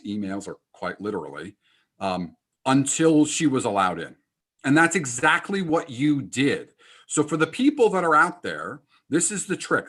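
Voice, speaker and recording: A male podcast host in casual conversation who gets fired up as he pulls practical lessons from his guest's story. He speaks emphatically, and his voice sits at an average pitch for a man. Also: fairly bright tone, slightly rough.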